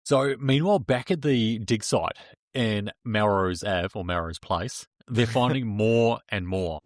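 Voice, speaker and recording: A man's voice: fairly low pitch, measured pace, no room sound, studio quality. A man co-hosting a casual true-crime podcast, recounting the story plainly. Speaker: podcast co-host.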